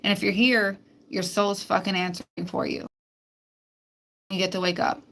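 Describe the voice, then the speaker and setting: A woman's voice: medium pitch, little pitch movement, moderate pace, vocal fry, a bit bright. A woman hosting a spiritual live stream, talking bluntly and emphatically with plenty of swearing. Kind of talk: casual live-stream monologue.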